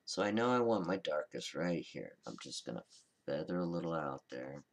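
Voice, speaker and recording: A man hosting a card-making tutorial, talking through a coloring demonstration in a relaxed, chatty, reassuring way and often correcting himself mid-sentence. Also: extremely low pitch, normal speed. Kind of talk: casual step-by-step crafting demonstration.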